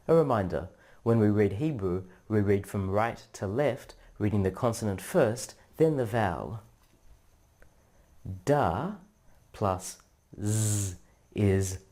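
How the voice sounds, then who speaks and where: A man narrating a scripted language lesson in a measured, instructional way, drawing out syllables for practice. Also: fairly low pitch, dark tone. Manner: slow, measured, drawn-out syllable drills. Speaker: language teacher.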